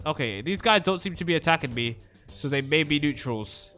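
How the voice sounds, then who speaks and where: A young man in his twenties giving jokey, excitable Minecraft let's-play commentary, jumping between loud shouts and nervous muttering. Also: on the high side, a little fast, faint music behind. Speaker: gaming YouTuber.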